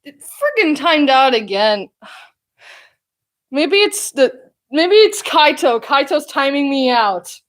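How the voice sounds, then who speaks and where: A woman's voice: sits high, big pitch swings, takes it slowly, fairly bright tone. A woman live-streaming while drawing, chatting casually in a self-deprecating way and laughing often.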